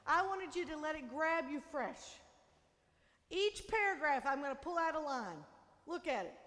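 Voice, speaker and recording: High-voiced woman pastor preaching, reverberant church. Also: animated, measured pace. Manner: emphatic, dramatic shifts between loud declarations and soft intimate lines. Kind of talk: sermon. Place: church sanctuary.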